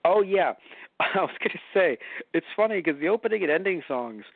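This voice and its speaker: A man co-hosting a casual podcast chat, talking loosely and swearing with a lively, bouncing delivery. The recording is dry and narrow, like it came through a phone line. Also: high voice, fairly quick, creaky, breathy edge, no room sound. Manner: animated, profane, laughs often. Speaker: podcast co-host.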